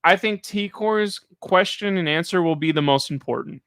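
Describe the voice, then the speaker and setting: Smooth-voiced man in casual recap chat. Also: high voice, fairly bright tone, no room sound. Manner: chatty, quick to mimic people in quotes. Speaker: co-host of a reality TV recap show.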